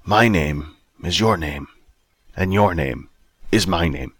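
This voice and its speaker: A man's voice: deep voice, expressive, takes it slowly, breathy edge, dry recording, full character voice. A man reading an audiobook, voicing an impatient older man who sighs a lot and turns out to be the narrator's future self. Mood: gruff, impatient. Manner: sighing, impatient.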